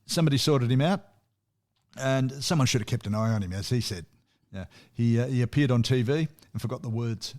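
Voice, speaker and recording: A man's voice: medium pitch, fairly quick, a little mellow. A man presenting a music segment on a radio chat show, telling anecdotes and often chuckling at his own stories.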